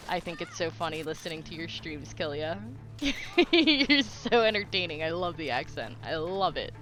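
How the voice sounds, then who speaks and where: A woman's voice: fairly low pitch, fairly bright tone. A young woman chatting casually while streaming a game, telling stories and laughing often. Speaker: live streamer.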